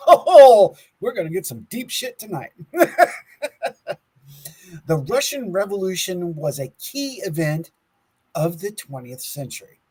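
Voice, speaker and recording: A man's voice: sits high, very animated, a little slow, pauses often, dark tone, slightly rough, low-quality recording. A man co-hosting a casual podcast, laughing often and stumbling over words as he reads aloud from his notes. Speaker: podcast co-host. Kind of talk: casual conspiracy podcast talk, reading from notes.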